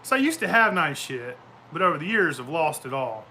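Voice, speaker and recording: Man, casual vlogger, tense bright voice, swears a lot, rambles and laughs through his stories. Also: a little high, sing-song, a little fast, slight background noise. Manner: profane, rambling, laughing storyteller. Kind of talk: casual chat. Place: outdoors at home.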